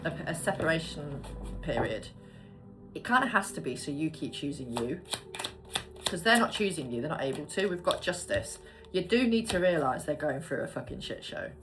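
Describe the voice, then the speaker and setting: Woman, low voice, chatty tarot reader, casual swearing, faint music behind. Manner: chatty, swears casually, murmurs card names. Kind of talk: casual tarot card reading.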